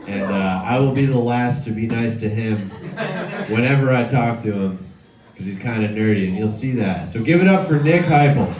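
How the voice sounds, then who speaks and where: A man's voice: fairly low pitch, normal speed. A man hosting a comedy showcase, introducing the next act with hyped, loose banter. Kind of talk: emceeing a comedy show. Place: comedy club stage. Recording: echoey club, far from the mic, loud crowd and noise. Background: audience cheering.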